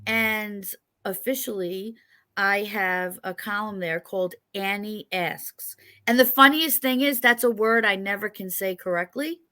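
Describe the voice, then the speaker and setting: A New York woman with a New York accent hosts a casual chat interview, joking and rambling as she talks. Her voice is medium in pitch and sharp in tone, and she keeps a measured pace.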